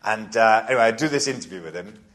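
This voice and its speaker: Welsh guy on a podcast spinning funny stories, voice jumps all over, bright tone. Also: lowish voice, fast. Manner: animated storyteller, self-mocking, acts out quotes. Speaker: podcast guest. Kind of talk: casual anecdotal chat. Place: live comedy podcast venue.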